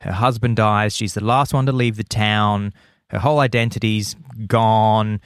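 A man's voice: on the low side, steady tone, moderate pace, clean tone, dry recording, studio quality. A man hosting a podcast in casual chat, enthusiastic and playful, often repeating lines for effect. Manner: enthusiastic, repetitive listing, playful. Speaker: podcast host.

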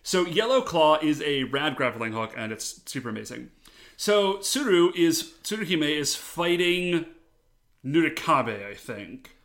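A man co-hosting a podcast, chatting casually as he recaps a TV episode, laughing often and acting out lines in quick funny voices. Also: a little high, sing-song, a bit bright. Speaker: podcast co-host.

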